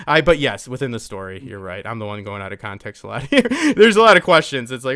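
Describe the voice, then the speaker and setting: Rambling, animated podcast host man. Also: mid-range voice, fast, hardly any pauses, clear, resonant tone, dry recording, clean studio sound. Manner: rambling, filler-heavy, animated asides. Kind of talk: casual podcast discussion.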